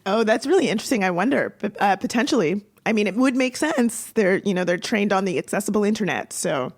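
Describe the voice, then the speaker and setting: A woman with a mid-range voice co-hosts a relaxed podcast. She talks in an animated, rambling way, full of "like" and quick restarts as she tells a story. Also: mid-range voice. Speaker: podcast co-host. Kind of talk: casual conversational podcast chat.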